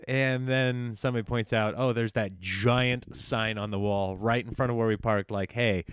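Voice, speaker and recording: A young man casually telling a story, lively and acting out the dialogue, with lots of fillers and restarts. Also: mid-range voice, moderate pace, clean tone, dry recording, studio quality. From small-town United States. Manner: animated, acts out quoted dialogue, frequent fillers and restarts.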